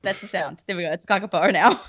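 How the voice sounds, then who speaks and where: A woman's voice: fairly low pitch, fast, fairly bright tone, husky, no echo, lo-fi sound. A woman chatting on a casual podcast, giggly and self-deprecating, hesitating with fillers. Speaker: podcast co-host. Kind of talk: casual chat.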